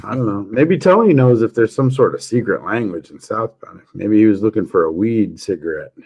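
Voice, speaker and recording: A man's voice: fairly low pitch, animated, a little fast, darkish tone, husky. A man hosting a casual livestream chat, telling jokey stories and chuckling often. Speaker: livestream host.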